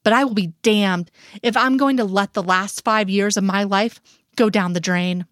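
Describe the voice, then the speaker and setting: A woman's voice: mid-range voice, moderate pace, no echo, clean studio sound, natural voice. A woman voicing a stern, hurt husband who speaks coldly and accusingly in an audiobook reading. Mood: bitter. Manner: cold, accusing.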